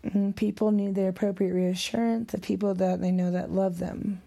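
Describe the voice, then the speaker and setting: A middle-aged woman rambles through an emotional vlog monologue, her voice gravelly with fry. Her tone is dark and mellow, and she slips into whispers now and then. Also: mid-range voice, little pitch movement, moderate pace.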